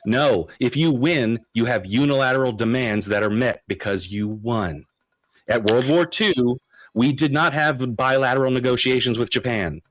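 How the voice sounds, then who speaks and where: A man's voice: mid-range voice, normal speed, fairly bright tone, no room sound. A man on a political panel, argumentative, laying out his points step by step. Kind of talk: heated panel debate.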